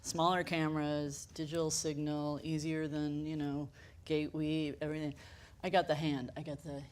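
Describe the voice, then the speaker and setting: A woman's voice: low voice, level tone, moderate pace, a little mellow, slight background noise. A woman who manages a camera rental house tells stories on a panel, acting out the quoted lines and laughing often. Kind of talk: panel discussion storytelling.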